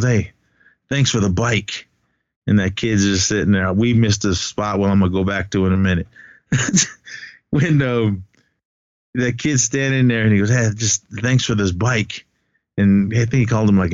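A man's voice: fairly low pitch, dry recording. A man recaps a film for his co-host in a loose, rambling way. He laughs often and acts out the characters' lines as he goes. The sound is dry and a bit dull. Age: adult, has a son. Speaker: podcast co-host. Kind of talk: casual movie recap chat.

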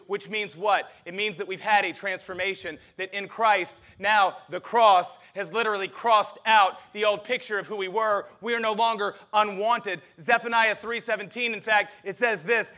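A man preaching a lively sermon as pastor, asking the congregation questions. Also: high-pitched, moderate pace, few pauses.

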